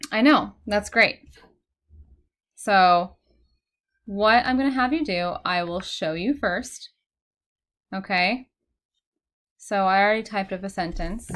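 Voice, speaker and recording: Young female teacher, mid-pitched, patient and encouraging, talks a student through sounds step by step. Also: slow pace, pauses often, fairly bright tone. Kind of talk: one-on-one phonics lesson. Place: indoor room, recorded on a computer.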